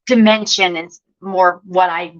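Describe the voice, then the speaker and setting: A woman's voice: fairly low pitch, fairly even intonation, a little slow, fairly bright tone, lo-fi sound. A woman guest telling a personal story with animation, acting out the voices she quotes.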